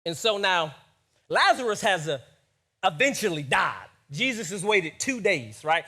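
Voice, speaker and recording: A man preaches in a high voice that rises and falls widely. He talks with animation and keeps tossing quick questions to his listeners. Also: slightly rough. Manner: animated, keeps checking in with the audience with "right?". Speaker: pastor. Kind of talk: sermon.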